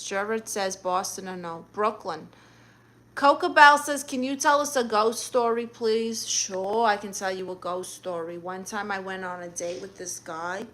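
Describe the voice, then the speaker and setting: Sassy bright-voiced woman livestreamer. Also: medium pitch. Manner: sassy, teasing, quick comebacks. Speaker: livestream host reading chat. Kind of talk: casual livestream chat.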